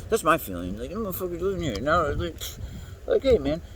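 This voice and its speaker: A man talking in a rambling, profane, animated monologue as the host of his own show. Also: on the high side, fairly quick. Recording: distant mic with faint background noise.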